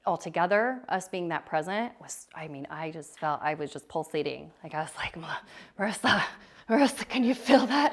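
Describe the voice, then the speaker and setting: A woman's voice: fairly low pitch, gravelly. A woman in her thirties giving a casual, rambling talk at a retreat, with many fillers and restarts. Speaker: retreat presenter. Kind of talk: casual talk to a small group. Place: retreat room.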